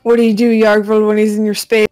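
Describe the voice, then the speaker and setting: Woman, game master, casual halting narration, dry close sound. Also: medium pitch, monotone, a little mellow, no room sound, faint music behind.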